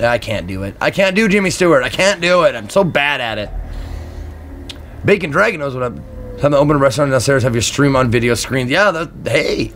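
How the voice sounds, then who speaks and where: A man streaming a game live, chatting excitably with crude outbursts at home, with faint game music behind him. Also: medium pitch, brisk, a little hiss or hum. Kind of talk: live gameplay commentary. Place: apartment room at home.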